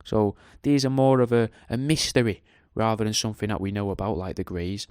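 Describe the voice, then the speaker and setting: A man's voice: fairly low pitch, steady tone, fairly quick, darkish tone, clear, resonant tone, no room sound, studio quality. A man hosting a podcast, talking casually in a rambling, jokey, sweary way. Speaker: podcast host. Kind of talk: casual monologue.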